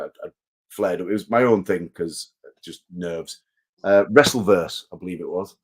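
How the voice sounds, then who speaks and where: A man with a fairly low voice chats as a guest in a casual interview. He rambles through stories with restarts and pokes fun at himself. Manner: self-deprecating, rambling storyteller. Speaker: guest wrestler.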